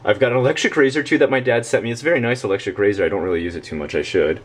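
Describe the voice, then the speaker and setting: A man's voice: medium pitch, very fast. A young man giving a casual, rambling home-tour vlog inside his house, self-deprecating and full of fillers.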